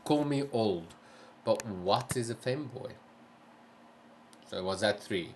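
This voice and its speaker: Slow, low-voiced man hosting a stream. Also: expressive, noisy background. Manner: easygoing, careful and polite, asks many questions. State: tired, yawning. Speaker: live stream host. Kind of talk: casual live-stream chat, reading chat aloud.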